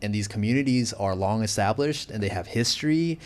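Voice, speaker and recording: Chatty, animated man, fairly low voice. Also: fairly quick. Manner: animated, chatty, uses many fillers. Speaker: guest. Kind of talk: casual interview chat.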